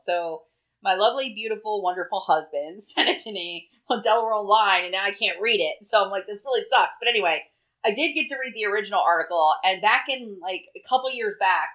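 A woman's voice: mid-range voice, fairly bright tone. A woman in her thirties co-hosting a casual chat podcast, talking in a chatty way, laughing often and swearing casually. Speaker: podcast co-host. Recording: dull lo-fi sound.

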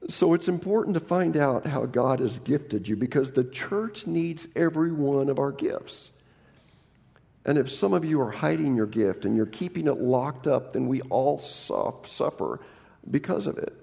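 Male pastor giving a sunday sermon in church, gravelly voice, mid pitch, cracks jokes and acts out other people's voices. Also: warm tone, big-room sound. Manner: humorous, acts out quoted people in raised voices.

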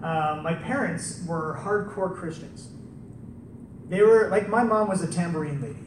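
A man preaching a conversational sermon to a live audience, telling the story in an animated way and tossing in rhetorical questions. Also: high-pitched, moderate pace, a little hiss or hum. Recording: echoey room, distant mic, faint ambience.

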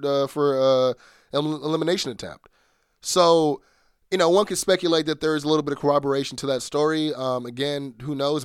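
A man's voice: a little high, clear, resonant tone, dry recording, studio quality. A man hosting a solo podcast, chatting casually with lots of fillers and restarts. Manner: rambling, many fillers and restarts. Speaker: podcast host.

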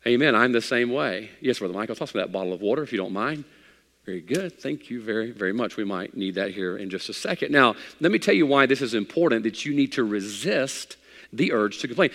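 A male pastor preaching a sermon, swinging between loud, high exhortation and quiet, low asides to his congregation. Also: expressive, brisk, in a large hall.

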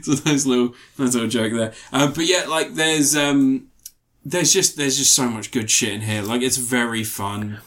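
A man's voice: medium pitch, moderate pace, a bit bright. A young man co-hosting a podcast, casually and enthusiastically recounting film scenes with lots of fillers. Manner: enthusiastic, rambling scene retellings with many fillers. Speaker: podcast co-host reviewing films. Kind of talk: casual chat.

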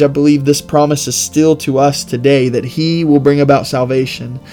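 A man's voice: medium pitch, fairly even intonation, moderate pace, few pauses, a little mellow. A man hosting a devotional podcast, reading scripture and reflecting in an earnest manner with emphatic repetition.

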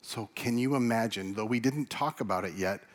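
A man preaching a sermon, animated, swinging from loud emphasis to hushed tones. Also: medium pitch, moderate pace. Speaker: pastor. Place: church.

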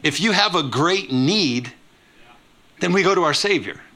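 A man preaching a sermon to a congregation as pastor, emphatic and lively, often asking the room if they are with him. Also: on the high side, a little slow. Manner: emphatic preaching with call-and-response questions to the congregation. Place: church sanctuary.

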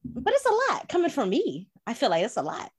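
A woman in casual podcast chat, telling an animated, profane story with plenty of laughs. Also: sits high, a little fast, breathy edge, no echo, clean studio sound. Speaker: podcast co-host.

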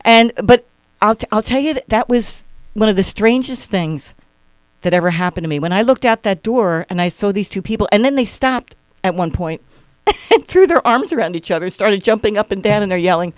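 A man's voice: sits high, expressive, fairly quick, clear, resonant tone, no room sound. A man co-hosting a talk radio show, telling a story casually and animatedly, acting out the people he quotes. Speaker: guest host.

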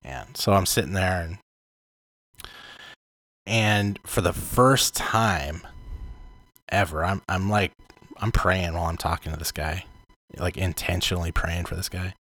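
A man with a very deep, low-pitched voice tells a story on a podcast. He speaks as a minister would, earnestly, with halting restarts and searching pauses. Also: fairly bright tone.

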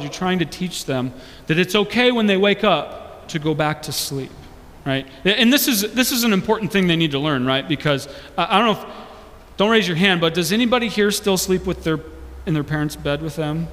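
A man's voice: high voice, expressive, a little fast, a bit bright. A young man preaching a sermon, earnestly asking the congregation question after question. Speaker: pastor. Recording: long hall reverb.

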